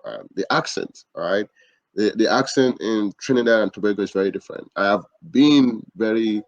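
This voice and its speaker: A man hosting a podcast interview, affirming his guest and asking halting, repetitive questions. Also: fairly low pitch, dry recording, lo-fi sound. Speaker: podcast host.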